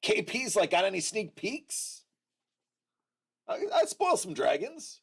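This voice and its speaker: A man hosting a casual livestream, chatting with viewers in an unhurried way, with frequent restarts and fillers. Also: sits high, wildly swooping pitch, gravelly, breathy edge. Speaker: livestream host.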